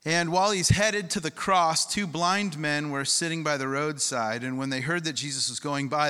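A man's voice: on the high side, expressive, normal speed, sharp tone, clear, resonant tone, in a large hall. A male pastor preaching a sermon in a conversational way, asking the congregation questions and reading scripture aloud.

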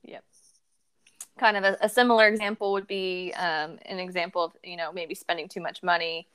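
A woman's voice: fairly low pitch, steady tone, normal speed, fairly bright tone, clean tone. A woman co-hosting a counseling podcast, chatting in a friendly, agreeing way and setting up examples for discussion. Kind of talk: conversational podcast advice.

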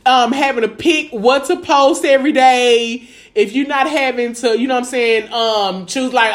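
Here a podcast co-host with a fairly high voice talks at a moderate pace, chatting casually. Profanity flows freely, "you know what I'm saying" pops up constantly, and the recording echoes.

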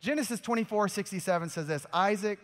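A man preaching a sermon as pastor, emphatic, swinging from loud passages to quiet ones. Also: high voice, quick pace, big-room sound.

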